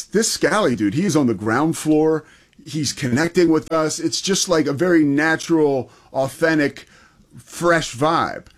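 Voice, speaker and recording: A slightly high male voice with an easygoing, enthusiastic sports talk manner. He chats casually and reaches for words like dude and man. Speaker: sports show co-host.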